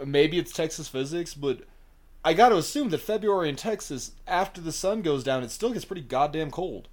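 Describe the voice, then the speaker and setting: A man's voice: fairly high pitch, animated, brisk. A man co-hosting a podcast, talking in a crude, jokey, ranting way. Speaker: podcast co-host. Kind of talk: casual podcast chat.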